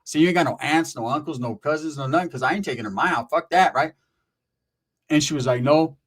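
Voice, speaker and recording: A man's voice: on the high side, quick pace, breathy edge. A middle-aged man telling a story and giving commentary as a channel host, casual and profane, full of streetwise slang and emphatic asides.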